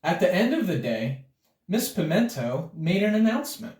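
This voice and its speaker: Lively man reading a children's story aloud. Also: high-pitched, normal speed. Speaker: storybook reader. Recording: roomy sound from a distance.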